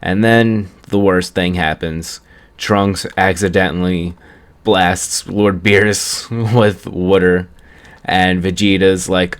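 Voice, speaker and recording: A man's voice: sits low, fairly even intonation, takes it slowly. A young man casually recapping an anime episode in a rambling way, chuckling at the story as he goes. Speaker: anime reviewer.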